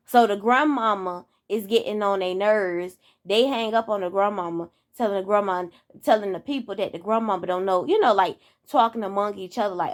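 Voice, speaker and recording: A woman's voice: medium pitch, a little fast, hardly any pauses, no echo, studio quality. A young woman in her twenties venting on her channel in a casual monologue, exasperated, repeating herself and throwing out rhetorical questions. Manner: talks straight to viewers, asks rhetorical questions. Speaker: vlogger.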